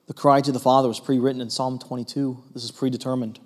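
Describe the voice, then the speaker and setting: A pastor preaches a sermon earnestly, shifting between emphatic passages and hushed ones and using frequent fillers. His medium-pitched voice moves at a quick pace with a flat delivery.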